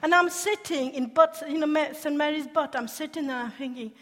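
A woman preaching a lively testimony, her voice sitting a little high. She laughs often and turns to question her audience. Her voice rings with a long hall reverb. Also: brisk. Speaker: speaker sharing a testimony. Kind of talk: testimony sermon.

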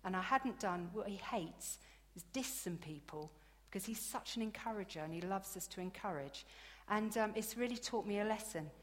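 A woman preaching a sermon in a chatty, animated storytelling way, laughing now and then. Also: medium pitch, moderate pace. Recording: long hall reverb.

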